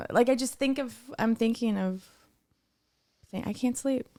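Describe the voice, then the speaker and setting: A woman's voice: mid-range voice, steady tone, normal speed, creaky, darkish tone. A woman co-hosting a casual podcast, sleep-deprived and losing her voice, talking in a rambling way with many restarts. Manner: tired, rambling, lots of restarts. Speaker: podcast co-host. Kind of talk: casual chat.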